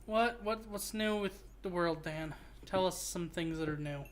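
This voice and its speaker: A man's voice: sits high, a little slow, slight background noise. A man hosting a gaming stream, chatting casually and rambling through jokes. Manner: rambling, joking, restarts phrases. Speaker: streamer host.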